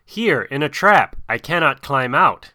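A man reading aloud and voicing a bold young boy raised in the jungle, pitched higher than his own voice. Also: lively intonation, a little slow, sharp tone, smooth, no echo, studio quality. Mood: earnest.

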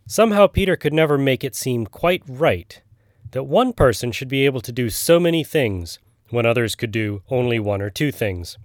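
A man narrating a classic animal storybook in a measured, gentle way. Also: medium pitch, animated, no echo, clean studio sound.

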